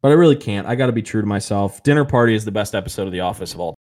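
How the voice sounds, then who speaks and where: A man in casual podcast chat, retelling sitcom scenes with frequent chuckles and halting fillers. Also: fairly low pitch, lively intonation, a little mellow.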